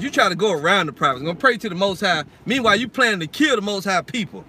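A heated, profane man preaching an informal sermon from scripture, his voice high and bright with a forceful edge. He talks bluntly and keeps tacking "man" onto his lines. A faint hiss of noise sits behind him. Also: lively intonation, quick pace.

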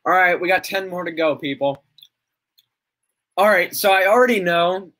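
Young male streamer, casual rambly chat with frequent laughs; bright, slightly high voice. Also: normal speed. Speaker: livestreamer.

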